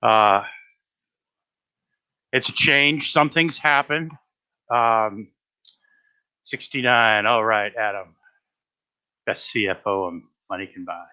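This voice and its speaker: A man's voice: on the low side, slow pace, pauses often, sharp tone, clean tone. A man from Rhode Island, hosting a rambling live stream and a little out of breath, swearing and stammering through filler words. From Rhode Island, USA. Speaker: livestream host. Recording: dull lo-fi stream audio.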